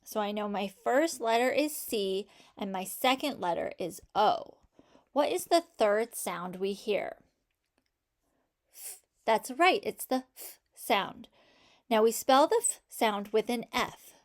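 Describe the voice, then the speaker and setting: Woman teacher, slightly high voice, slow and patient, voice-over for a children's spelling lesson. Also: animated. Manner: slow, patient, encouraging, sounding out each sound.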